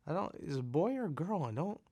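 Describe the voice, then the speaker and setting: A man's voice: fairly high pitch, sing-song, quick pace, warm tone, no room sound. A man who makes videos, chatting in an easygoing, self-deprecating way as he responds to fan letters. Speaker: video creator.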